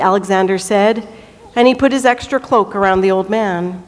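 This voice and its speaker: Woman reading a story in a church. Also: mid-range voice. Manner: slow, deliberate storytelling. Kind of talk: reading a children's story aloud. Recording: echoey church hall.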